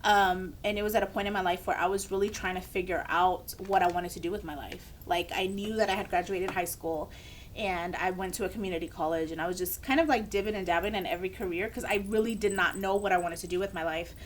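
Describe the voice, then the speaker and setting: A woman's voice: lowish voice, fairly even intonation, quick pace, slight background noise. A young woman, a podcast co-host, telling a candid personal story in casual chat and acting out the people she quotes.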